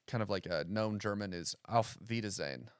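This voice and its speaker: A man's voice: fairly low pitch, fairly quick, smooth, no echo. A man in his thirties, a stand-up comedian from the United States, chatting on a podcast with dry, self-mocking humor and acting out other people's voices as he tells stories. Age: 30s. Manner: animated storyteller who acts out other people's voices. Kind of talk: casual podcast chat.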